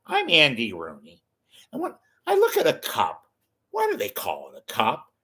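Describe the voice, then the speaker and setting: A man's voice: medium pitch, wildly swooping pitch, moderate pace, pushed and bright, husky, voice pushed up, heavily acted. A man doing an impression of a cranky older male TV commentator, musing in a whiny, grumbling voice.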